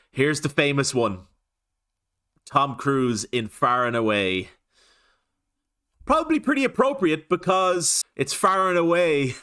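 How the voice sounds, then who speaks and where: Lively Irish man reacting with amusement. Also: on the high side. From Ireland. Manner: amused, laughs often, animated. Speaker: reaction video host. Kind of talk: casual reaction commentary.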